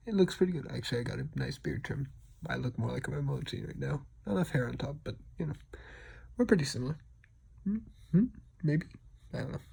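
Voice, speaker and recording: A man talking quietly and casually over his speed drawing, rambling and poking fun at himself, sometimes dropping to a whisper. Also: a little high, creaky, husky. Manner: rambling, self-deprecating; talks quietly, partly whispered. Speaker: digital artist.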